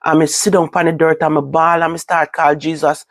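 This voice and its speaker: A woman with a Jamaican accent recounting a personal story to her viewers, in a halting, repetitive way. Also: low-pitched, little pitch movement, dry recording. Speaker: vlogger.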